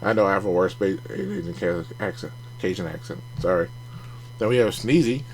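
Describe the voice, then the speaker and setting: A man's voice: deep voice, expressive, fairly quick, faint music behind. A man hosting a casual card review vlog, chatty and making jokey asides as he goes. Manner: chatty, jokey asides, laughs at own remarks. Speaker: card collecting channel host.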